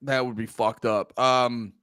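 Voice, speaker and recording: A man's voice: mid-range voice, fairly even intonation, measured pace, a bit bright, smooth, no echo, studio quality. A young man co-hosting a casual comedy podcast from home, talking crudely and jumping into silly put-on voices. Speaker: podcast co-host.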